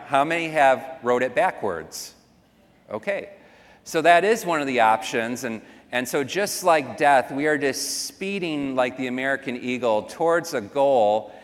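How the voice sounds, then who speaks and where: A man preaching a sermon as pastor, earnest and conversational, with asides to the congregation. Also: medium pitch. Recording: long reverb of a large hall.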